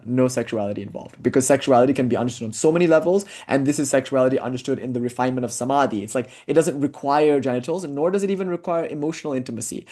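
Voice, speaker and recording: A man's voice: medium pitch, a little mellow. A man giving an informal spiritual lecture, telling stories in a digressive way and filling his speech with "like". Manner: digressive storytelling, frequent "like" fillers.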